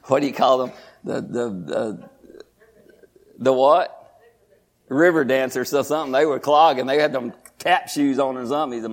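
Male pastor, high voice, church sermon, swings from asides to shouted preaching. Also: moderate pace.

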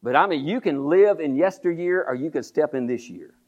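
An older male pastor preaches a sermon in repetitive call-and-response style, repeating lines, calling the congregation to say them with him, and often restarting his sentences. His voice is a little high, animated and a little mellow, fairly quick, and the audio is dull.

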